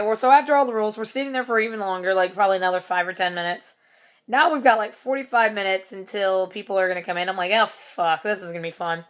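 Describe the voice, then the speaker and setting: A young woman telling a story in a casual vlog, rambling, swearing casually and laughing between lines. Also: mid-range voice. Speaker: vlogger.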